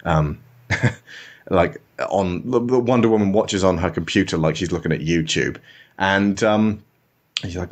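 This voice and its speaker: A man's voice: low-pitched, a little slow, long pauses. A man hosting a podcast, giving a casual, sarcastic spoken film review and slipping into mock voices.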